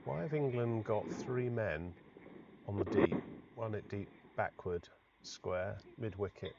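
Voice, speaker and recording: A man commentating on cricket, easygoing and quietly observational. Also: lowish voice, slow pace, gravelly. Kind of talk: live sports commentary. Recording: dull lo-fi stream audio with faint noise.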